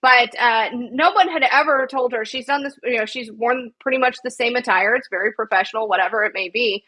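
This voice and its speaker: A woman's voice: fairly high pitch, a little fast, bright, forceful tone, low-quality recording. A woman co-hosting a podcast, recounting a news story in a rambling, indignant way with frequent swearing. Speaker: podcast co-host. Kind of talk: casual news chat.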